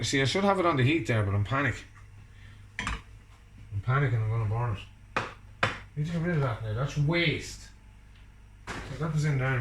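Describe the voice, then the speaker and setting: A bright, lively man from Ireland jokes his way through cooking at home, chatting casually and teasing a partner off camera. His voice sits a little high and swings up and down a lot. The kitchen sounds echoey, with slight background noise.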